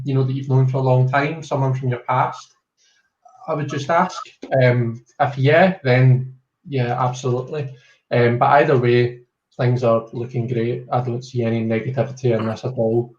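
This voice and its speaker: A man with a Scottish accent giving an upbeat tarot reading on a live online stream, talking quickly with plenty of "um"s. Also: mid-range voice, steady tone, a little mellow, echoey room, highs cut off. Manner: rapid, upbeat, filler-heavy. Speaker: tarot reader. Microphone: video call.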